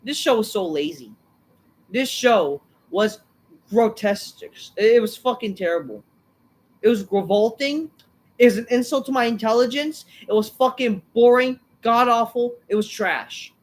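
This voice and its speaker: High-pitched woman ranting and swearing. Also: lively intonation, measured pace. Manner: angry, swearing, repeating insults; bursts into shouting. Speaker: wrestling show reviewer. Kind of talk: profane ranting review.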